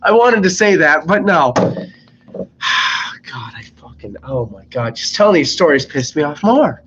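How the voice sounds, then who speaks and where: A young man, sick, telling rambling, exasperated stories about his fast-food job on a live stream, swearing constantly. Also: on the high side, big pitch swings, a bit bright. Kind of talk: casual live-stream storytelling. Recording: slightly dull lo-fi mic with faint noise.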